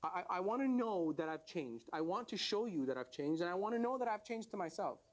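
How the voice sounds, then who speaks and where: A man voicing a middle-aged husband who once abused his wife with words and now begs to change, speaking earnestly and fast. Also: sits high, lively intonation. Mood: remorseful.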